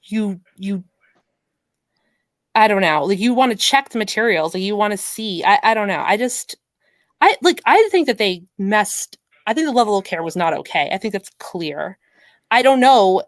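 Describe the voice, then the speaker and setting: Female host, mid-pitched, dry sound, muses aloud in a loose panel chat. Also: animated, moderate pace, dry recording. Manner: thinking aloud, frequent restarts and hedges. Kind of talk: casual panel discussion.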